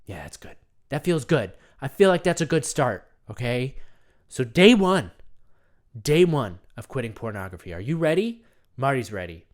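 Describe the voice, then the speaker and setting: Earnest soothing man with lively pitch. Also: normal speed. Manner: earnest, soothing, refers to himself in the third person. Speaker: comedic self-help host. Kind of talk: comedy self-help monologue to camera.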